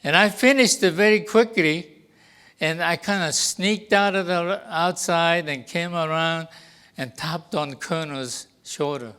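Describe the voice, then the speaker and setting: Older man, English speaker, storytelling to an audience, smooth resonant voice, fairly high pitch. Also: sharp tone. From Japan. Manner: deliberate, acts out quoted dialogue. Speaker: guest speaker.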